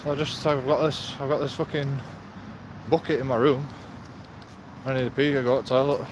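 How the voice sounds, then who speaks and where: A man's voice: medium pitch, flat delivery, brisk. A man, rambling and joking as he walks outdoors for his vlog, a bit out of breath. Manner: joking, chatty, laughs often. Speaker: vlogger. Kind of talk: rambling casual walk-and-talk. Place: outdoors on city streets at night. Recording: noisy outdoor street recording.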